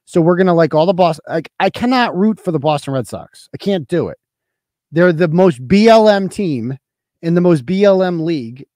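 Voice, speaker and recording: A man's voice: high-pitched, a little mellow, dry recording, studio quality. A man in his forties from Massachusetts, hosting a casual livestream, reading chat and ranting with lots of swearing and sarcasm. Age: 40s. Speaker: host.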